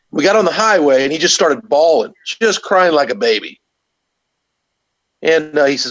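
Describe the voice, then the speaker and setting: Animated man telling a story over lo-fi audio. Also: on the high side, moderate pace. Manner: animated storyteller, acts out quotes. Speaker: guest. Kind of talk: casual storytelling on a video chat. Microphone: video call.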